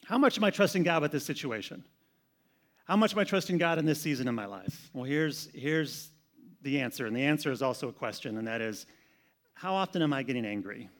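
Speaking fairly quickly with lively intonation and a medium pitch, this male pastor preaches conversationally. Words get repeated frequently, and his volume rises and falls.

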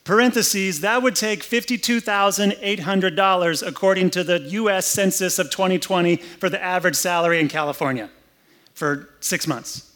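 Indoors in an air-conditioned room, a male pastor preaches with humor and a conversational manner, dramatizing the story as he tells it. His voice is high and a bit bright, at a moderate pace.

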